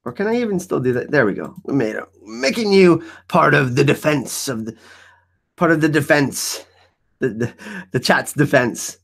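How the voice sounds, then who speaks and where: A man's voice: medium pitch, moderate pace, vocal fry. A man hosting a live stream, chatting casually and joking as he answers viewers in the chat. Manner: animated, joking, reacting to chat.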